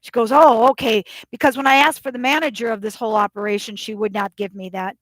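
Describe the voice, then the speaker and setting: A woman's voice: fairly high pitch, fairly even intonation, quick pace, a bit bright, no room sound. A woman vlogger retelling a phone call in an agitated, rambling way, often quoting both sides. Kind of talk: casual vlog rant.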